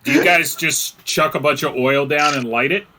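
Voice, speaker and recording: A man narrating a tabletop game as game master, chatty and relaxed, with lots of fillers. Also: fairly high pitch, moderate pace, background noise.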